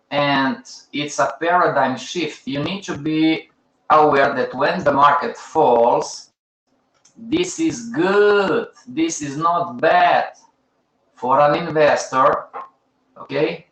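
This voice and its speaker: A man's voice: fairly high pitch, slow pace, a bit bright, echoey room, rough recording. A man with as a hosting a live teaching session, talking to his audience in short, emphatic, repeated phrases and chiding them. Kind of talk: casual live-stream teaching.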